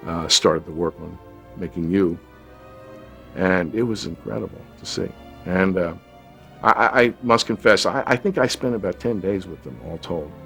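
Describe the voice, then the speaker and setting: A man, an actor, calmly recalling a film shoot in an interview, with hesitant restarts. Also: deep voice. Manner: reflective, measured with hesitant restarts. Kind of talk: interview recollection. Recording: light music underneath.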